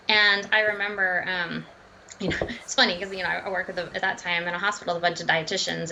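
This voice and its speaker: A woman with a gravelly, bright edge to her voice tells her story in a casual interview. She is animated and slips into the voices of the people she quotes. The sound is dull and lo-fi, with faint noise underneath. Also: medium pitch. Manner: animated, acts out quoted dialogue. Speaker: dietitian and runner.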